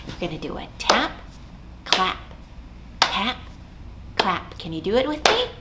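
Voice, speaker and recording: A woman leading a children's storytime as a librarian, singing songs and chanting rhymes in a slow, sing-song way. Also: medium pitch, huge pitch swings, very noisy. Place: library program recorded at home.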